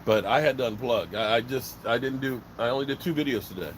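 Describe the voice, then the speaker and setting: A man's voice: mid-range voice, fast, slight background noise, rough recording. A man from Virginia hosting a casual live stream, talking bluntly and rambling, swearing freely. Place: outdoors by a smoker fire.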